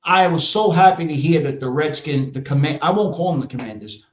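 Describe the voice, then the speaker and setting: A brisk man with a slightly high voice and a New York accent rants brashly and profanely while hosting a podcast in casual chat. He's on a live stream mic, and the lo-fi room sound is echoey.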